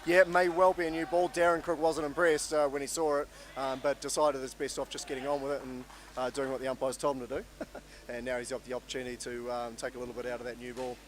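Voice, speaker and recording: A man calls an indoor cricket match. His voice sits at an everyday middle pitch, and his delivery is relaxed, measured and conversational. He analyses the play in an easygoing way. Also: a little hiss or hum. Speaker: cricket commentator. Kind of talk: live sports commentary.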